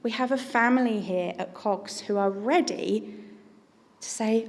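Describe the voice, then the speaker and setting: A woman's voice: a little high, unhurried, in a large hall. A woman giving an earnest, conversational sermon as a preacher.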